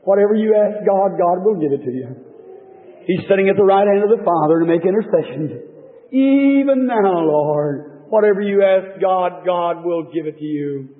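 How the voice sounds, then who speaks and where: A man preaching a fervent sermon, retelling scripture in folksy speech with swings from loud to hushed. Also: high voice, moderate pace. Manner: fervent, rising and falling storytelling, folksy speech. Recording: tinny lo-fi old sermon tape, reverberant hall.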